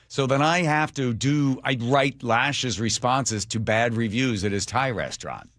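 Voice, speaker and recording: A middle-aged man hosting talk radio on a studio mic, his low voice bouncing up and down as he tells stories and mimics the people in them. The sound is dry and close, with no room around it. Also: normal speed, hardly any pauses, no echo. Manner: animated, acts out quoted people with jumps in pitch. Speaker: radio host. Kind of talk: casual on-air storytelling. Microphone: studio microphone.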